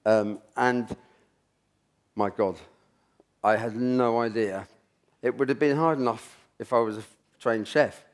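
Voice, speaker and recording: At a symposium, a middle-aged chef with a mid-range voice tells a rambling story from his years in the kitchen. He speaks at a measured pace, leaves long pauses, and often restarts his sentences in this anecdotal talk.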